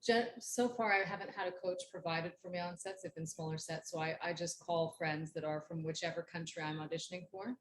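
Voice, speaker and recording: A woman, an actress in a casual interview, telling lively stories and acting out the voices of people she quotes. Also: lowish voice, fairly quick, hardly any pauses, noisy background.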